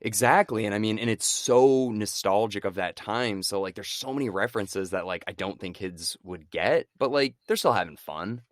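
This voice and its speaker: A man co-hosting a casual movie-review podcast, animated and quick to laugh, tossing in quoted lines. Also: fairly low pitch, no echo, studio quality. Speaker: podcast co-host.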